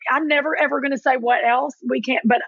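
A woman in her forties in casual chat, telling lively stories and acting out quotes in a higher voice. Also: fast, husky, no room sound, dull audio. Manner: animated storyteller, acts out quotes with a jump in pitch. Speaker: podcast guest.

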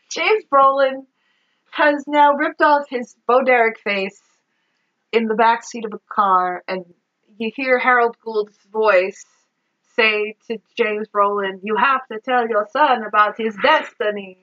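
A woman's voice: fairly high pitch, slow, long pauses, fairly bright tone, highs cut off. A woman co-hosting a podcast, recapping a movie in casual chat, exasperated, swearing and laughing as she goes. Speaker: podcast co-host.

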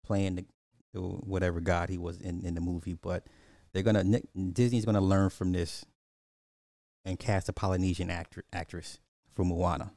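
A man's voice: deep voice, flat delivery, moderate pace, vocal fry, warm tone, dry recording, studio quality. A man hosting a casual live podcast, rambling through movie box office talk and answering chat comments with frequent restarts.

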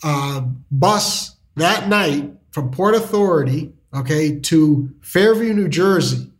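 A man's voice: fairly high pitch, expressive, slow pace. A man telling a personal story in a casual interview, rambling with restarts and lots of filler words. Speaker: storyteller guest.

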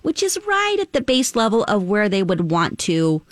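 A woman radio host running a prank phone call with an earnest pitch, stifling laughs. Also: big pitch swings, moderate pace, dry recording, clean studio sound. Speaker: radio morning show host.

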